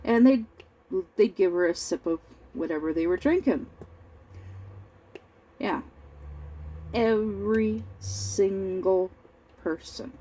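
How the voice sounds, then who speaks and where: A middle-aged woman rambles through a family story at an unhurried, slow pace, often stopping to clear her throat or fill a gap. Her voice is mellow and soft-edged. She sounds over-tired. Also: mid-range voice, low-quality recording. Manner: rambling, halting, with frequent throat-clearing and fillers. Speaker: crafting vlogger. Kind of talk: casual storytelling while crafting.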